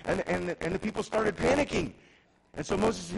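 A middle-aged man preaching a sermon as pastor, often restarting words and swinging between loud emphasis and quiet intensity. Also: high-pitched, a little fast, a little hiss or hum, rough recording. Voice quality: gravelly.

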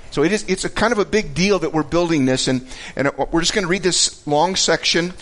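A man teaching a Bible passage in a conversational way, earnest and halting, often repeating words as he searches for them. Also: fairly high pitch, fairly bright tone.

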